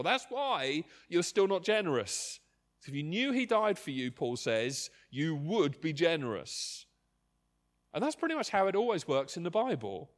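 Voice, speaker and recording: A man preaching a sermon with passion, swinging from near-shouted emphasis down to quiet, slow reflection. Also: on the high side, very animated. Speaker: pastor.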